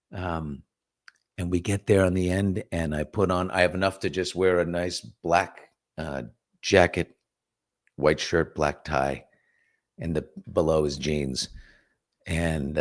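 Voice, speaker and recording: A middle-aged man hosting a casual morning talk show, telling stories with lively acted-out quotes. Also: low-pitched. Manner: animated storyteller, acts out quotes and whispers. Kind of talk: casual storytelling chat.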